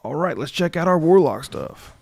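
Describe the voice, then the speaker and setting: Casting: gravelly, lowish male streamer, dry close-mic sound, casual thinking-aloud chat. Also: sing-song, normal speed, darkish tone, dry recording. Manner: muses aloud, reads rules text, answers chat. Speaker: streamer building a game character.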